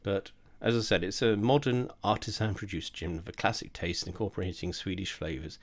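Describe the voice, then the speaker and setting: A tipsy young man talks his way through a drinks tasting in a low voice. He rambles and swears freely, and mocks his own efforts as he sips. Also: steady tone, fairly quick. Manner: rambling, sweary, self-mocking. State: drunk. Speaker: host of a drinks tasting video. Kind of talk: casual tipsy tasting monologue.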